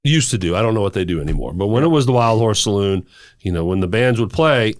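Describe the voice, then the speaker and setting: A man's voice: lowish voice, animated, fast talker, dry recording, studio quality. A man co-hosting a podcast in casual chat, telling stories in a rambling way with restarts. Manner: rambling storyteller, restarts and filler words. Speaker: podcast co-host and musician.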